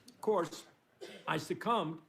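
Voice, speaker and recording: A man in his sixties delivering a relaxed, self-mocking stand-up monologue, pausing for laughs. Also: fairly high pitch, creaky. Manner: laid-back, self-mocking joke delivery with pauses for laughs. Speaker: guest monologue host on a comedy show. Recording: studio audience, crowd and noise behind. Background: audience laughter.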